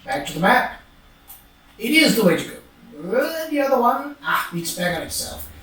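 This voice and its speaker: A let's play gamer chats casually over gameplay, musing, muttering to themself and humming now and then. The voice is medium-pitched with big pitch swings, a moderate pace and a slightly bright tone. It's recorded off-mic from a distance in a very echoey room with faint hiss.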